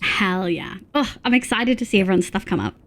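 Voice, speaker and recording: A woman's voice: mid-range voice, animated, fairly quick, a bit bright. A young woman chatting casually on a live stream, reading chat aloud between laughs. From Australia.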